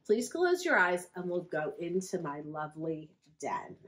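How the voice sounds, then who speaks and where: A woman's voice: on the low side, very animated, a little slow, fairly bright tone. A woman voicing a big toothy female wolf in a picture book, gushing and sweetly coaxing.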